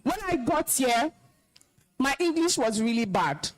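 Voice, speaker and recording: Nigerian woman speaker, high-pitched and emphatic, stern alumna lecturing students on discipline. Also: very animated, measured pace, low-quality recording. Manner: scolding, commanding, emphatic. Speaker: alumna guest speaker, compere. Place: school hall, live event.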